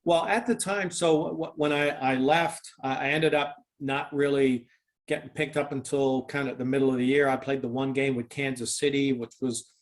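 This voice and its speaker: A man's voice: mid-range voice, fairly even intonation, moderate pace. An older man, a former football kicker, telling a long story in a casual interview, with many restarts and fillers.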